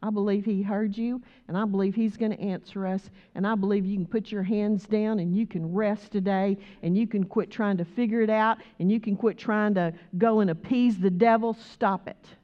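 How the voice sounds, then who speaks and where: A woman preaching a sermon, moving from conversational talk to loud, rhythmic exhortation. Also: medium pitch, steady tone, moderate pace, hardly any pauses, highs cut off.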